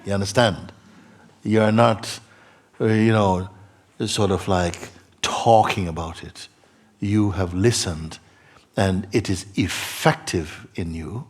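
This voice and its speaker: A man with a low, slightly husky voice gives a spiritual talk to a listener. He is earnest and emphatic, drifting into soft murmurs and then rising, animated and laughing, to press his point. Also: slow. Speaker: spiritual teacher. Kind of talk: satsang talk to a seeker. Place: meeting hall.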